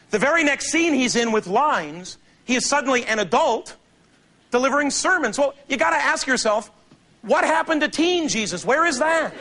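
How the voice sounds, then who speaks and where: A man performing a stand-up monologue on a theater stage, telling stories in an animated, sardonic way. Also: extremely high pitch, noisy background. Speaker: comedian. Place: theater stage before a large audience.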